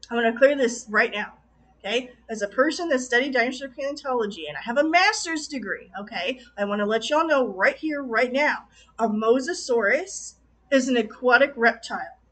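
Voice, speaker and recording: A woman talking in a casual video review, passionate and exclamatory, quick to laugh as she vents. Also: a little high, a bit bright. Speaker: film reviewer.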